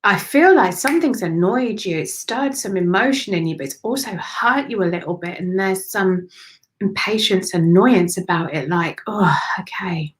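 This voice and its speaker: A woman doing live spiritual readings for viewers, speaking softly and affectionately, with sighs and drifts into whispers. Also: medium pitch, expressive, normal speed, poor audio. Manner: emotional, breathy sighs and gushing warmth. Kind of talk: live-streamed channelled readings.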